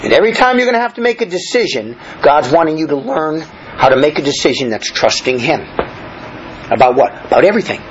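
A man's voice: fairly high pitch, big pitch swings, fast, highs cut off, background noise. A man preaching a sermon, reading verses aloud and explaining them in a plain, conversational way with many restarts. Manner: reads scripture aloud then explains it in plain talk. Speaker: pastor.

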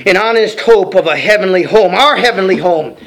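A man's voice: sits high, fairly quick, crowd noise. A man preaching a sermon in a folksy way, often saying amen, calling listeners brother and breaking into song. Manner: folksy, calls listeners brother, frequent amens, sings hymn-like lines. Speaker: pastor.

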